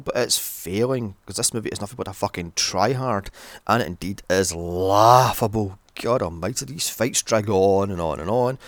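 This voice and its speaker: A film reviewer with a low, gravelly voice recaps a movie in a sarcastic, exasperated rant, swearing constantly. The recording sounds dry.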